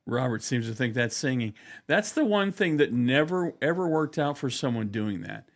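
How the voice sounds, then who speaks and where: A podcast host with a medium-pitched, animated voice jokes around on a casual comedic podcast, slipping into impressions. He speaks at a moderate pace and keeps things playful.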